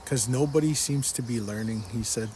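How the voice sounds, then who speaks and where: A man's voice: medium pitch, moderate pace, warm tone, slight background noise. A man giving a personal religious testimony, earnestly retelling a dream and repeating what he was told again and again. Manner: earnest, repetitive, quotes the speaker in the dream again and again.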